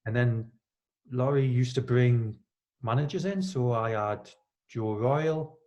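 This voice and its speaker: A man with a Geordie accent, a former footballer in his fifties, talks easily as a podcast guest. He tells stories and acts out the voices of the people in them. His voice sits at an ordinary pitch for a man. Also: slow, darkish tone, lo-fi sound. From Newcastle, England. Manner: storytelling, acts out quoted lines with laughs. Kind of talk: relaxed anecdotal chat.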